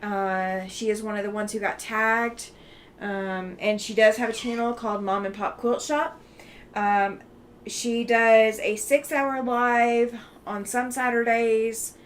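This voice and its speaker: A woman's voice: fairly high pitch, steady tone, slow, slight background noise. A woman from Alabama hosts a casual livestream, reading chat aloud in a chatty, friendly way with many ums and easy laughs. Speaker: livestream host.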